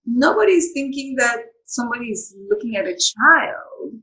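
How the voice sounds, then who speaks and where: A woman's voice: a little high, expressive, normal speed, sharp tone, poor audio. A woman hosting an interview who reflects aloud and restarts her sentences as she thinks. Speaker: host. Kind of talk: interview conversation.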